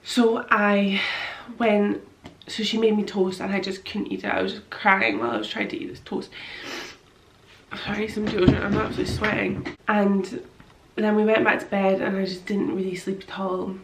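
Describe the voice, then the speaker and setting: A woman's voice: medium pitch, flat delivery, moderate pace, gravelly, roomy sound, slight background noise, poor audio. A young woman, tearfully telling a personal story to camera in a rambling way, full of fillers. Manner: rambling, many fillers, quotes her own thoughts. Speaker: vlogger.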